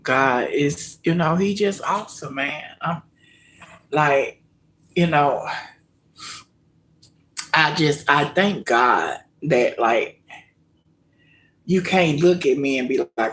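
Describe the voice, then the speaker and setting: A woman hosting a casual live cooking stream, speaking to her viewers in an emotional, heartfelt way, with many pauses and soft near-whispered moments. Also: low-pitched, expressive. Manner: slow, heartfelt, emotional, addresses viewers as y'all. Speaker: cooking vlog host.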